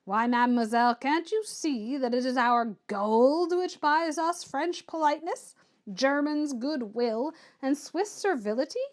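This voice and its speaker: A woman's voice: sits high, animated, normal speed. Woman reads a scornful, lecturing Englishman in a raised voice, storybook style. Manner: loud, sneering, lecturing. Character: scornful blunt middle-aged Englishman, sneering and mocking.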